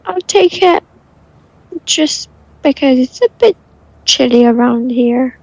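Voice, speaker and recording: A man's voice: very high voice, animated, slow, vocal fry, dry recording, voice pushed up, full character voice, poor audio. A man voicing a polite, grateful young woman in a tabletop game, in a sweet and gushing manner. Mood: sweetly grateful.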